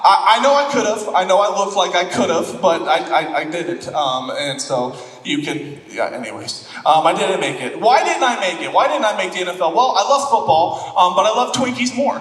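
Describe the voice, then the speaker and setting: A man's voice: high voice, expressive, moderate pace, hardly any pauses, a bit bright, recorded from a distance. Florida pastor guy preaching, cracks jokes at himself, long church reverb. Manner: joking, self-deprecating storyteller. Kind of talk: sermon. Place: church auditorium.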